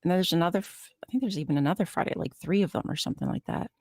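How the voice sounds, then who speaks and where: Animated low-voiced woman, dry sound. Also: very fast, dry recording. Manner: chatty, groping for names and trailing off. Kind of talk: casual live chat.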